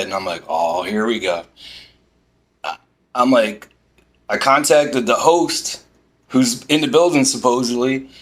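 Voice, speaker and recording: Exasperated man ranting. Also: mid-range voice. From Philadelphia. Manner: exasperated, animated storytelling with quoted back-and-forth. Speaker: vlogger. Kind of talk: ranting storytime vlog. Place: inside a parked van.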